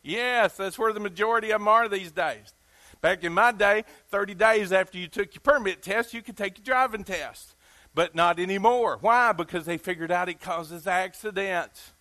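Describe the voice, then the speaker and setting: A man's voice: high-pitched, normal speed, bright, forceful tone. A man with a Southern US accent preaching a sermon in an emphatic, folksy way, asking his listeners questions.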